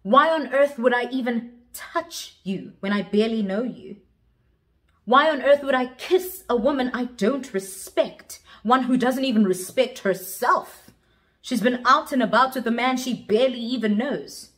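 A woman's voice: a little high, lightly acted. A woman voicing a contemptuous man who lectures a woman he rejects.

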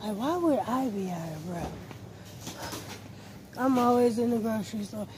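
A woman's voice: a little high, animated, normal speed. Slangy woman vlogging on a store run. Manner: slangy, talks to herself while browsing. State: short of breath from a face mask. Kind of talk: casual shopping vlog. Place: indoors in a discount store. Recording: noisy store background.

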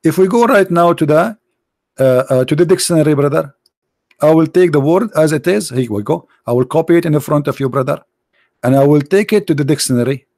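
Man, non-native English speaker, taunting debate host, slightly high pitch, dead dry close recording. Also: a little fast, a little mellow, no echo. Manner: mocking, sarcastic, repeats "brother" often. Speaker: host of a call-in religious debate show. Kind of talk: heated live debate with callers.

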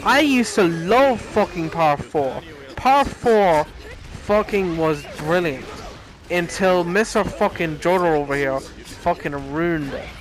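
Young man, casual sweary rant, rambling, slightly high voice. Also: slow, soft background music, rough recording. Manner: heated, sweary, rambling with many restarts. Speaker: anime fan ranting.

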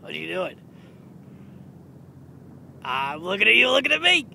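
A woman voicing a goofy, excitable male pig who chats in a silly way outdoors. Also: mid-range voice, normal speed, gravelly, slight background noise, exaggerated voice. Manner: silly, chatty, bursts of shouting and giggles. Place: outdoors in the cold.

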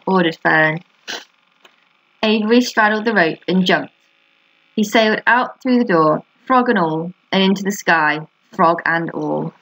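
A woman teacher reads a children's chapter book aloud, steady and expressive. Her voice sits a little low for a woman and carries the story at an even read-aloud pace. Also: moderate pace, poor audio.

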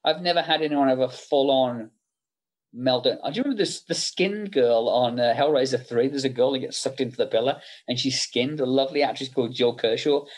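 A middle-aged makeup effects artist with a medium-pitched voice chats casually in an interview, telling anecdotes full of fillers.

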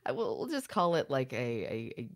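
Low, sultry woman with a lively voice. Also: normal speed. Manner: low, sultry, mischievous teasing. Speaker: guest co-host. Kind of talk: casual chat stream.

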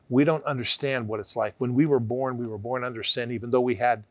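A man giving emphatic televised Bible teaching, asking rhetorical questions and sometimes dropping to a hushed tone. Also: medium pitch, dry recording.

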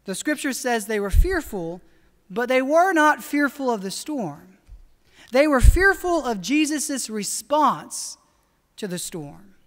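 A high-voiced woman preaching a sermon in a church sanctuary. She speaks earnestly and draws out her key phrases. A long, ringing reverb hangs on every word. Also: big pitch swings. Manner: earnest, slows down for emphasis. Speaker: pastor.

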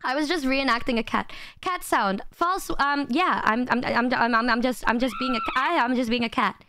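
A woman's voice: high voice, moderate pace, hardly any pauses, bright, forceful tone, no echo, studio quality. A woman streamer in casual chat with her viewers, rambling and playfully crude, often stammering and repeating words.

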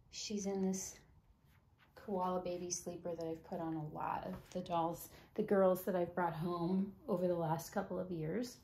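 Gravelly-voiced woman chatting casually. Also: lowish voice, steady tone, normal speed, slight background noise. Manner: chatty, drops into soft whispers. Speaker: doll collector vlogger. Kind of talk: casual chat to camera.

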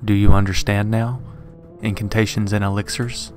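A man voicing a quick-tempered, defiant male novelist who snaps indignantly in a read-aloud horror story. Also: lowish voice, flat delivery, a little mellow, faint music behind, lightly acted. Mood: snapping. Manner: snappish, indignant.

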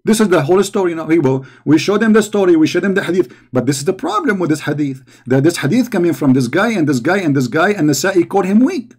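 A man's voice: on the high side, lively intonation, quick pace, few pauses, a little mellow, slightly rough. A man hosting a reaction commentary, talking back to a played video in a mocking, sarcastic way. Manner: sarcastic, mocking, repeats words heatedly.

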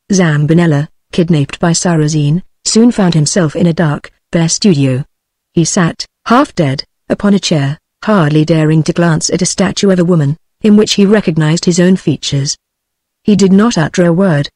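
A text-to-speech woman's voice with a British English accent, reading a classic novel aloud in an even, machine-read manner. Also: fairly low pitch, no room sound. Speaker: narrator. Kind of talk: synthetic audiobook narration.

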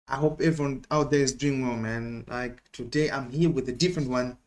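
A man hosting a music reaction video in a casual, excitable way, laughing often and tagging his sentences with "man" and "okay?". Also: mid-range voice, brisk.

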